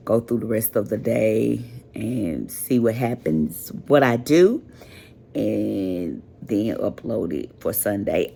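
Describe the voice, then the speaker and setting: A sleepless, tired woman vlogging casually late at night, venting frankly with drawn-out, trailing phrases. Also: extremely low pitch, animated, gravelly, warm tone.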